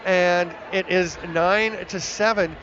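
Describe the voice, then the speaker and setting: A high-voiced man calls lacrosse play-by-play, quick and excitable as the action builds. The broadcast sound is a little muffled, with a faint hiss underneath. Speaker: play-by-play commentator.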